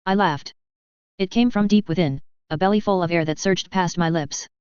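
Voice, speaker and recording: A woman reads a first-person story aloud, her voice low-pitched and strikingly smooth. Her narration is steady and even. The recording is close and dry, slightly dull in the highs. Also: moderate pace, no echo. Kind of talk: reading fan fiction aloud.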